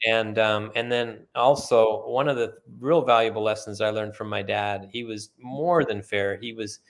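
A retired middle-aged man being interviewed, telling relaxed, anecdotal stories with many fillers. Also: lowish voice, moderate pace. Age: middle-aged or older, retired. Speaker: guest, author and former company sales leader. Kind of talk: conversational storytelling.

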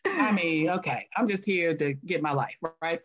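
Woman telling her story all animated, voice jumps around, kinda dull lo-fi sound. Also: fairly low pitch, normal speed, breathy edge. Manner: animated, acts out her own past voice. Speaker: guest, author. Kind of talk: interview storytelling.

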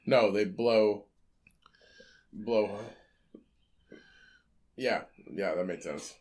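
A man's voice: fairly low pitch, very slow, a little mellow. A man co-hosting a podcast, dropping blunt, crude one-liners in a casual chat. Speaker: podcast co-host.

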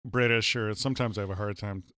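A man co-hosting a casual podcast, relaxed and jokey. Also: fairly low pitch, quick pace, clean tone, no room sound, clean studio sound. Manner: relaxed, jokey, slips into silly voices. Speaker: podcast co-host. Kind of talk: casual chat.

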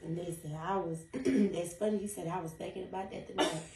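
A woman's voice: lowish voice, steady tone, fairly quick, gravelly, heavy background noise. A woman co-hosting a casual faith chat, affirming and echoing her co-host's words. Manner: affirming, echoes her co-host. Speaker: podcast co-host. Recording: roomy sound from a distance.

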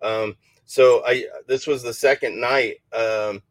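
A man hosting a casual podcast chat about paranormal investigations, who talks haltingly with many fillers and restarts. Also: mid-range voice, fairly even intonation, no room sound, poor audio.

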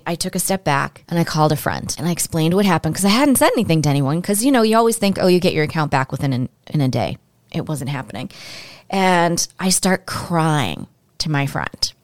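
Female podcast host, lower voice, candid and emotional storyteller, dry close-mic sound. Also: no echo. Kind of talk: personal storytelling monologue.

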